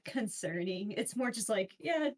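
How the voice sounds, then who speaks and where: A woman playing a tabletop game, describing her character in a halting way with fillers. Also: mid-range voice, lively intonation. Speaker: player.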